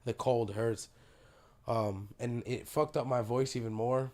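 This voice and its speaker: A man hosting a podcast, telling a story in a casual, animated way, swearing freely, his voice worn by a sore throat. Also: medium pitch, a little slow, a little hiss or hum. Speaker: podcast host. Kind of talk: casual chat.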